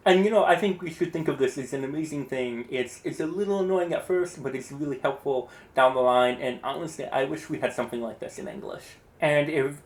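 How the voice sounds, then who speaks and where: A man giving a casual, encouraging pronunciation lesson, explaining rules in a relaxed, chatty way. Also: mid-range voice, roomy sound. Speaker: Spanish teacher.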